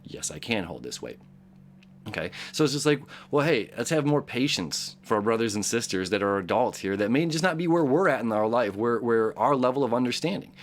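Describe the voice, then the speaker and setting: A man's voice: mid-range voice, animated, a little fast, hardly any pauses. A man hosting a casual daily horoscope talk, earnest and encouraging, rambling with frequent restarts and repeated words. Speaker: astrology show host.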